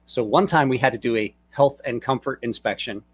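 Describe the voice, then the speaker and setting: A man's voice: mid-range voice, a little fast, husky. Rambling middle-aged man telling stories. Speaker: channel host. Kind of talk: casual livestream chat and storytelling. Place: home desk.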